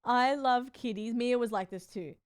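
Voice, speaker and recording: A woman's voice: a little high, moderate pace, smooth, no room sound. A woman streamer chatting casually with her viewers, gushing and cooing as she talks to them. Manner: gushing, cooing over cats, talking to chat. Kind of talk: casual live-stream chat.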